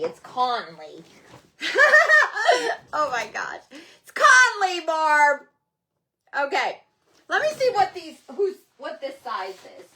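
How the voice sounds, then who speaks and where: A woman hosting a casual live craft demonstration, chatting excitedly and calling out viewers by name. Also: high voice. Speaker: livestream host selling craft supplies and clothes.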